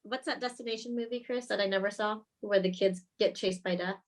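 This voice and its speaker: Lively laughing woman telling a story. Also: mid-range voice, brisk, poor audio. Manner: animated storytelling, acts out quoted lines, laughs often. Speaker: film director guest. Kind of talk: casual interview chat.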